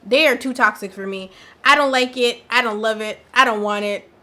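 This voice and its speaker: A woman giving casual, opinionated commentary on a reality dating show, talking in an animated, slangy way. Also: a little high, moderate pace. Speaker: reaction commentator.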